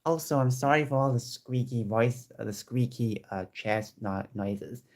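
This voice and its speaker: A man talking casually to his viewers from home in a chatty, excitable way, often restarting his sentences. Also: medium pitch, normal speed. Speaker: vlogger. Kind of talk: casual chat to camera. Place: home room with squeaky chairs.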